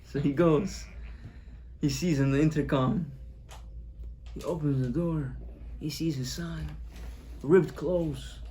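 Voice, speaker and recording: Animated rabbi telling a story. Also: male voice, a little high, takes it slowly, long pauses, slight background noise. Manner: animated storyteller, repeats phrases. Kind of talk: sermon storytelling.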